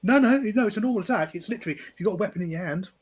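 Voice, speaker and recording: A husky woman runs a tabletop game on stream, narrating the action and sorting out rules. Her voice swings widely in pitch as she talks. She laughs a lot and stumbles over repeated words. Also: expressive, very fast, a little mellow. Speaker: game master.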